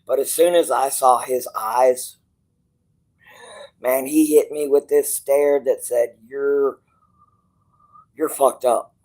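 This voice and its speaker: Gravelly guy rambling thru a story real slow, swears a lot, acts out what people said. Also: mid-range voice, a little mellow, rough recording. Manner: rambling, restarts, quotes others in dialogue, swears. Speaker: channel host. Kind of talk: casual storytelling to viewers.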